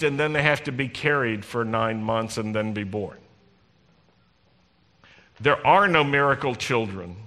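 Give me a man giving a sermon as a rabbi, bright and direct, with a long hall echo. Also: medium pitch. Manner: conversational preaching, teasing the congregation, addresses listeners directly. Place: congregation hall. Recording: long reverb in a large hall.

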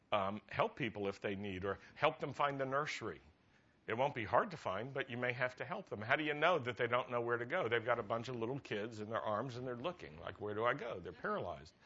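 Rabbi giving a jokey sermon; bright, forceful man's voice, lively and chatty. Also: medium pitch, highs cut off. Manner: chatty, laughs at his own jokes. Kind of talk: humorous sermon.

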